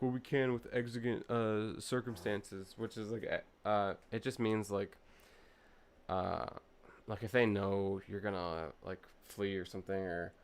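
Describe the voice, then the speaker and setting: A young man streaming a truck-driving game from his home setup, chatting casually and telling a heated, profane story. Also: lowish voice. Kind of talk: casual gaming stream chat. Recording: truck engine noise from game. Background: game truck engine and road ambience.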